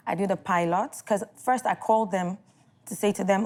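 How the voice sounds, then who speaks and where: A woman's voice: medium pitch, steady tone, a little fast, darkish tone. A young adult woman with a Nigerian accent, a TV host and producer, telling a story as a studio talk show guest and acting out what others said to her. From Northern Nigeria. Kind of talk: casual studio interview, storytelling.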